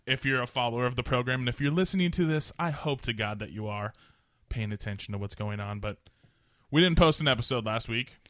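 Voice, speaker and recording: Tipsy podcast host man, bright voice. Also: fast talker, no room sound, studio quality. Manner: swings into booming mock radio announcer voice. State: tipsy from drinking. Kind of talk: casual podcast chat. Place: small studio.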